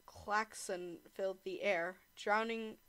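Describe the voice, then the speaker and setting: A woman's voice: medium pitch, fairly even intonation, slow pace, a bit bright, clear, resonant tone. A young woman casually reading a visual novel aloud, swearing and joking between lines. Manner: swears, laughs, breaks off to joke. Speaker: streamer narrating a visual novel. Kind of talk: casual read-along narration.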